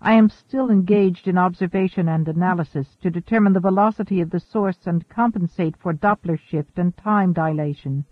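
A man reading the lines of a calm, precise male starship computer in an audiobook. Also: sits high, dry recording. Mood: calm, informative. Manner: measured, informative. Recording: thin phone-like dry audio.

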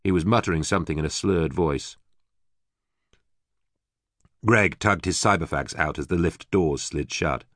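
A man narrating an audiobook in a steady, even storytelling manner. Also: low-pitched, measured pace, long pauses, dry recording, clean studio sound.

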